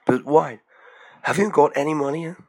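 A man voicing a shrill young peasant woman. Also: moderate pace, darkish tone, slightly rough. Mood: worried. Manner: shrill scolding outbursts.

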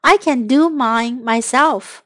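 A woman teaching English phrases to children from a storybook, repeating each phrase slowly. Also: high-pitched, fairly bright tone, dry recording, studio quality. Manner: slow, drilling repetition. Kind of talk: children's English lesson reading.

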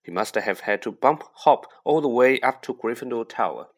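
A man narrating an audiobook in a measured, expressive way. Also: medium pitch.

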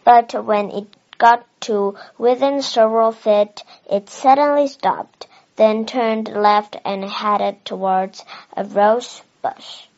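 A woman with a Chinese first language reading a children's novel aloud in a careful, expressive way. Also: medium pitch, takes it slowly. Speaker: storybook reader. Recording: dull lo-fi recording.

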